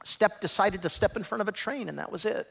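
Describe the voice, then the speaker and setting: A middle-aged man preaching a sermon as pastor, with lively swings from hushed, low lines to loud, high peaks. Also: fairly quick, creaky, husky. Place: large church hall. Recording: long reverb of a large hall.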